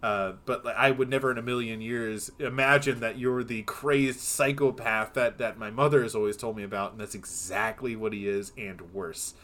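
A male podcast host talks through a movie in loose, casual chat. His voice sits at a middling pitch. He leans on fillers and restarts as he recaps scenes. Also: fairly even intonation, moderate pace, few pauses, bright, forceful tone. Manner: rambling, filler-heavy retelling of scenes. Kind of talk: casual film discussion.

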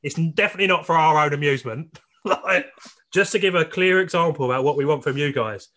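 A man's voice: fairly high pitch, fast, pushed and bright. A man from the of England, hosting a podcast in casual chat, repeating words and laughing easily. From southeast England. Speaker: podcast host.

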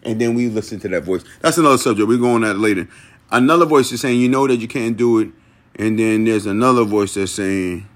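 A man's voice: lowish voice, fairly quick. A man hosting a motivational talk, dramatic and repetitive, often laughing between his lines. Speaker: motivational podcast host. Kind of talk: inspirational monologue.

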